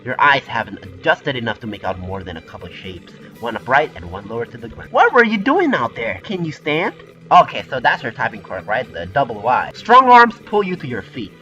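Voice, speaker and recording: A man's voice: mid-range voice, very animated, a little fast, hardly any pauses, bright, forceful tone. A man reading a visual novel game aloud with casual, offhand commentary, swearing often. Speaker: game player. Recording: muffled recording with faint background music.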